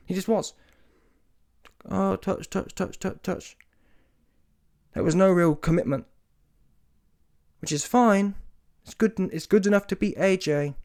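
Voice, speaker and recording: A man giving a ranting reaction commentary on a boxing match, casual and slangy, emphatic and often mocking. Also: on the high side. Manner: animated, emphatic, rises to mocking shouts; casual street slang, swears.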